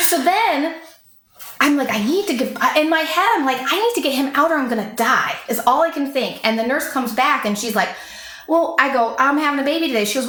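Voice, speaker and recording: A woman in her thirties tells a personal story in an easy, animated way, swearing often and putting on the voices of the people she quotes. Her voice is bright and fairly high. The room around her is echoey. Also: a little fast. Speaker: podcast guest. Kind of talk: casual storytelling chat.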